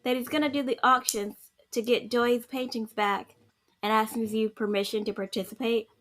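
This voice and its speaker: A woman co-hosting a casual podcast chat, recapping a story game and acting out the characters in quick asides. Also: fairly high pitch. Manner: animated, mimics characters in quick asides, laughs often.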